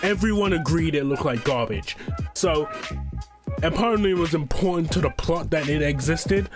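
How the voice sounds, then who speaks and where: A man's voice: fairly high pitch, normal speed. A young man telling a gaming story to his channel in a rambling way, swearing and stumbling over his words. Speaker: YouTuber. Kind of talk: casual storytime narration. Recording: background music under voice-over.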